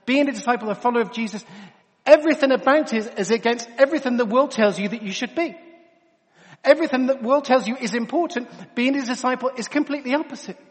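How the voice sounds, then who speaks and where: A man preaching a sermon in an earnest, conversational way, speaking through a headset mic to a congregation he calls guys. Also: very high voice. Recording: long hall reverb.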